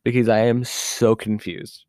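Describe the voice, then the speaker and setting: A man's voice: medium pitch, level tone, measured pace, darkish tone, no echo. A man hosting a podcast on his own, talking in a casual, rambling way with lots of fillers and asides. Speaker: podcast host. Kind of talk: casual solo podcast talk.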